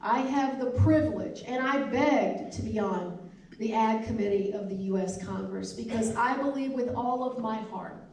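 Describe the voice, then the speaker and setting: In an elementary school hall, a Southern-accented congresswoman speaks to a town hall, hammering her points home with repetition. Her voice is a little high and a little mellow, picked up far away in the echoing room with slight background noise.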